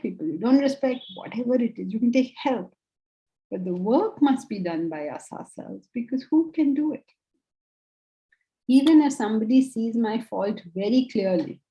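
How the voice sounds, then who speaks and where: A woman giving a spiritual lecture, earnest and animated, acting out the inner voices she quotes. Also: a little high, dull audio. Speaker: Vedanta teacher.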